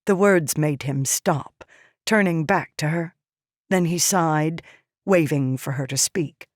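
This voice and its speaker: A woman reading a fantasy novel aloud in measured scripted narration. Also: deep voice, no echo, studio quality. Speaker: audiobook narrator.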